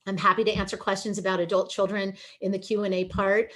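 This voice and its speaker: A woman's voice: medium pitch, level tone, fast talker, fairly bright tone. A middle-aged woman giving a webinar presentation over a video call, earnest and emotional, pleading at times.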